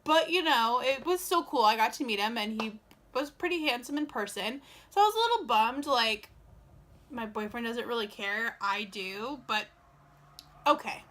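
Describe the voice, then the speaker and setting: A young woman vlogging straight to camera, telling a story in a loose, chatty way. She throws "like" in everywhere and acts out both sides of every exchange. Her voice sits a bit high and rings with a bright, forward edge. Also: animated, moderate pace. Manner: chatty, lots of "like" and quoted dialogue. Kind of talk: casual storytelling vlog.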